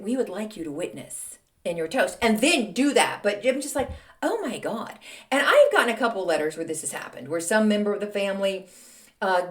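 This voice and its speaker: A middle-aged woman, hosting a casual solo podcast with snarky, chatty, exasperated rants and quick asides. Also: medium pitch. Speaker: podcast host.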